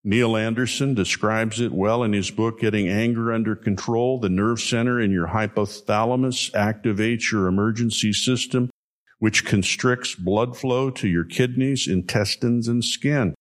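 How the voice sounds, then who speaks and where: Low-voiced man preaching emphatically. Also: measured pace. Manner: emphatic, repeats key phrases for effect. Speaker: pastor. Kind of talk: sermon.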